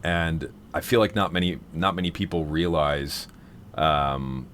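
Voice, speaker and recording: A man's voice: very deep voice, a little slow, fairly bright tone, slight background noise. A man hosting a live-stream vocal seminar, talking casually and rambling with many fillers and restarts.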